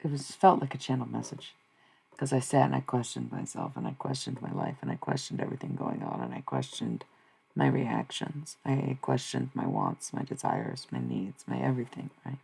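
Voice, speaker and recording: Brief: streamer voice, gravelly and slightly husky, searching and repetitive, casual swearing. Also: medium pitch, wildly swooping pitch, moderate pace, a little mellow. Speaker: live streamer. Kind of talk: rambling spiritual musing.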